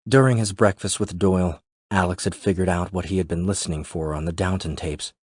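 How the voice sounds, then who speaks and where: A man reads a thriller in a measured, steady voice. His tone is very low and the recording is dry and close, with no room around it. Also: husky, no echo. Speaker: audiobook narrator. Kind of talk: scripted thriller narration.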